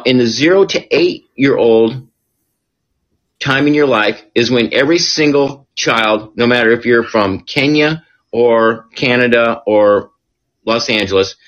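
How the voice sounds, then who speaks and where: Talking a little slowly, this podcast guest explains things casually as a recovery counselor and keeps checking in through rhetorical questions. His voice is medium in pitch with a fairly bright tone.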